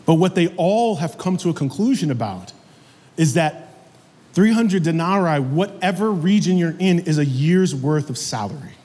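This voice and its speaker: A man preaching a sermon as pastor, animated and calling out to the congregation for amens. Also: fairly high pitch, moderate pace, long reverb tail. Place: church sanctuary.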